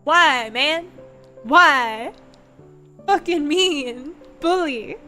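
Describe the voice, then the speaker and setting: Over soft background music, a young vtuber streamer with a high voice talks very slowly, chatting casually and swearing plenty. She rambles through animated stories.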